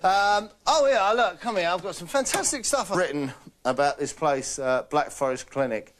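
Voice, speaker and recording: A man's voice: high-pitched, lively intonation, moderate pace, fairly bright tone, slight background noise. A man doing a comic character, a boastful and dim celebrity who drops names, rambling and chatty. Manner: rambling, chatty, keeps saying "right?". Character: boastful, dim name-dropping male celebrity. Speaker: comedian in character. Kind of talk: comic monologue.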